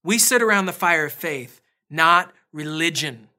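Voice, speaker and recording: A man's voice: a little high, expressive, measured pace, bright, forceful tone. A man pastor preaching a casual, conversational sermon, telling family stories with self-deprecating asides.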